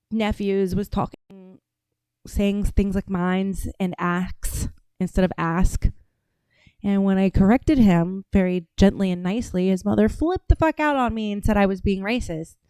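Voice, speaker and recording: A blunt, opinionated woman from Atlanta hosting a podcast, swearing freely as she reacts to clips. Her voice is smooth and clear. It sits close and dry on the mic. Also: medium pitch, warm tone, no echo. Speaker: podcast host. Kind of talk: casual commentary on played clips.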